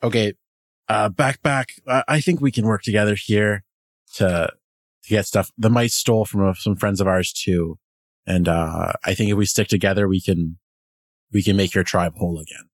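A man's voice: fairly low pitch, steady tone, normal speed, dry recording, clean studio sound. A man playing in a tabletop game, talking casually and hesitantly, repeating words as he thinks. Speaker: player.

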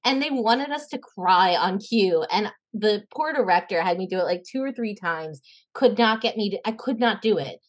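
A young woman, an actress and podcast guest, chatting casually and telling animated stories, acting out the voices she quotes and laughing often. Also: mid-range voice, normal speed. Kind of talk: casual interview chat.

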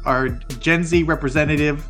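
A man's voice: on the high side, fairly even intonation, normal speed, fairly bright tone, faint music behind. A man co-hosting a podcast in casual chat, upbeat and chatty as he wraps up the episode. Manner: upbeat, chatty sign-off delivery. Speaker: podcast co-host.

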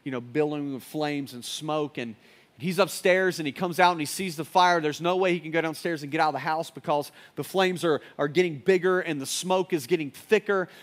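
A man preaching a sermon, telling a story, building to loud urgent peaks and dropping to hushed, earnest lines. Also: a little high, brisk. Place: church service with live audience.

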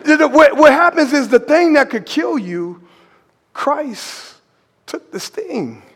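Pastor with a very high voice, animated sermon, shouts for emphasis. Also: male voice, slow pace. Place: church sanctuary. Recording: long reverb of a large church hall.

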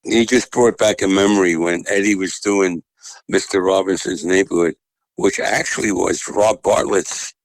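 A man's voice: low-pitched, moderate pace, no room sound, poor audio. A man, a comedian telling profane showbiz stories as a guest. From Long Island, New York. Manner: salty, profane, animated yarn-spinning. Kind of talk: anecdotal storytelling.

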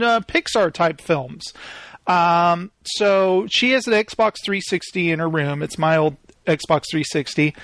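A man's voice: high-pitched, fairly bright tone, no room sound. A man in his thirties hosting a solo podcast, goofy and self-mocking, with his voice cracking. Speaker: podcast host.

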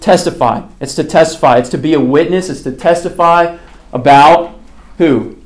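A man's voice: fairly high pitch, moderate pace. Man teaching a casual Bible class. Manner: conversational, asks the class questions and answers them; frequent fillers like "okay" and "like".

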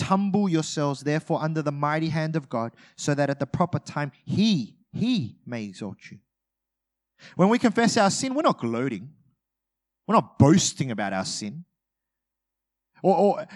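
With a slightly high, animated voice at a normal pace, a man preaches as a pastor. His sermon is conversational and humorous, full of little acted-out everyday moments, alternating between loud bursts and quiet asides.

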